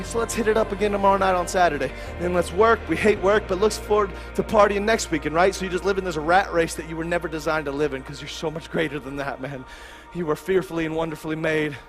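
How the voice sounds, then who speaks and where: A man preaching an evangelistic sermon with passion, swinging from hushed, low lines to shouted ones.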